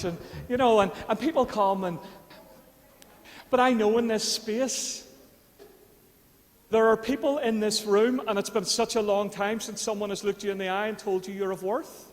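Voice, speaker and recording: A Northern Irish pastor with a high voice preaches to his church. He talks casually with the congregation, then builds to fervent appeals. His voice rings with the long reverb of the church hall. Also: normal speed. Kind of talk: sermon.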